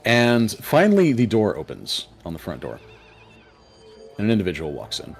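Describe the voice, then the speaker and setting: A man's voice: on the low side, wildly swooping pitch, normal speed, gravelly, husky, soft background music. Hesitant, rambling male game master. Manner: hesitant, full of fillers. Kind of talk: narrating a tabletop game.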